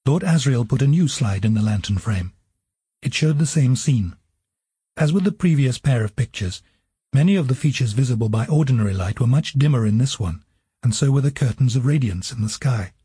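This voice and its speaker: A man narrating an audiobook in an even storytelling manner. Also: medium pitch, fairly quick, breathy edge, dry recording.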